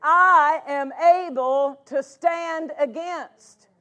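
A high-pitched woman delivers a sermon as a pastor. She preaches emphatically, pressing on key words and repeating them for force. Her voice sits bright and high above the usual woman's range. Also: very slow.

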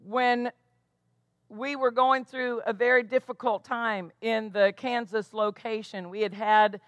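A woman's voice: fairly high pitch, steady tone, unhurried, fairly bright tone, no room sound. A woman pastor preaching a sermon with emphatic delivery, tossing questions back to the congregation. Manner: emphatic preaching with call-and-response asides.

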